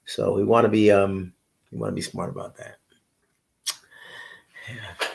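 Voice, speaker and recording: A man's voice: fairly low pitch, little pitch movement, unhurried, gravelly, husky. A middle-aged man hosting a live stream, chatting casually in a rambling way, repeating himself and greeting viewers by name. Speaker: livestream host.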